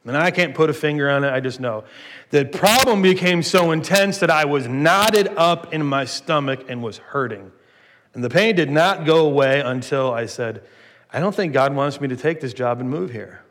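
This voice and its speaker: A man preaching a sermon as a pastor, telling personal stories with animated emphasis and folksy asides. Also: fairly high pitch, normal speed, in a large hall.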